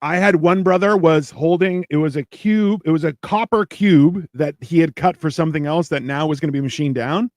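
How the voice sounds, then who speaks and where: Man, podcast co-host, animated storyteller, profane, fairly high voice, dry sound. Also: moderate pace, few pauses, dry recording. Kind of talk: casual storytelling chat.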